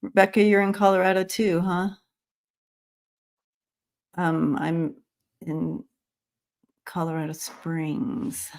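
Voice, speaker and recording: A woman's voice: on the low side, level tone, takes it slowly, vocal fry, pauses often, a little mellow. A woman hosting a live stream, greeting viewers by name and talking casually with many fillers and restarts. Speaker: host of a live-stream psychic reading show.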